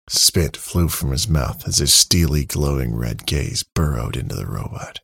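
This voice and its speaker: A man narrating a story in a steady, dramatic reading with a husky, creaky voice. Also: extremely low pitch, measured pace, few pauses, no echo. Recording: dry close mic, faint music.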